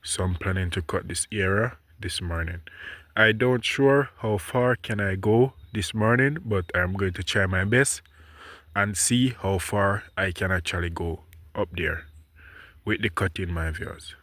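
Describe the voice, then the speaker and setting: A man's voice: low voice, unhurried, fairly bright tone, no room sound. A man, a bit stuffy, walking his farm outdoors and chatting to viewers as he points out seedlings and the land he plans to cut. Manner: talks to viewers as he walks and points things out. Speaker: farming vlogger. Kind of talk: casual farm vlog narration.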